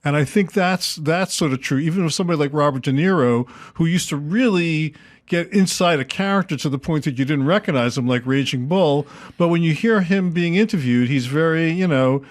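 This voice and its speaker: A man's voice: on the high side, brisk, no room sound. An older man, a writer and director, talking as a guest in thoughtful, searching, reflective interview chat. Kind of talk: casual interview talk.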